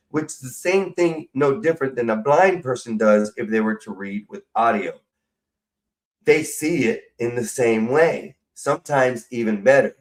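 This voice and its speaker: A man's voice: mid-range voice, recorded from a distance. A middle-aged man, rambling profanely and casually to his livestream audience. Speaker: livestream host.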